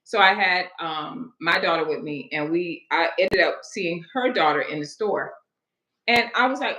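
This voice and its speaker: A woman's voice: fairly low pitch, a little slow, bright, forceful tone. A woman in her forties, a hairstylist hosting a live stream, telling a story in a chatty, digressive way and greeting viewers along the way. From Florida. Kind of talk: casual storytelling to a live audience. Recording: echoey room.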